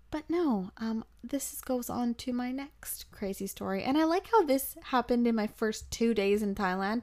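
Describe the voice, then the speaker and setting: A young woman hosting a podcast, telling a travel story in a chatty, animated way, full of fillers and acted-out quotes. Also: on the high side. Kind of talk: casual storytelling.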